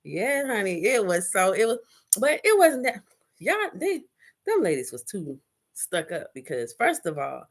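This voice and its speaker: A woman's voice: mid-range voice, unhurried. A woman hosting a casual live chat, telling a rowdy story, swearing freely and acting out what people said. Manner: animated, rowdy, swears freely, acts out quotes. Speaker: vlogger, live chat host. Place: home in Chicago.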